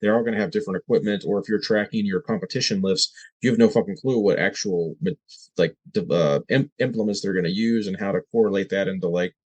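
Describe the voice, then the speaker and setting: Man, podcast host, lowish voice, casual, swears freely. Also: fast talker, a little mellow, breathy edge, low-quality recording. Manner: loose, profane banter. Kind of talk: casual chat.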